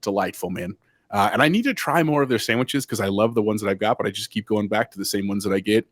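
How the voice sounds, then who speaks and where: A man's voice: on the low side, fast talker, no echo. A man co-hosting a casual gaming podcast, telling stories in an enthusiastic, rambling way. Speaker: podcast co-host.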